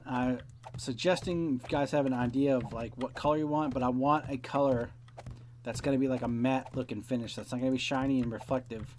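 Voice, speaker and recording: A man's voice: medium pitch, steady tone, brisk, a little mellow, a little hiss or hum. Young male let's-player, loose rambling chat, heavy swearing, faint key clicks behind. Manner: rambling, swears often, acts out quoted dialogue. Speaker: let's play host. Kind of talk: casual rambling commentary while playing.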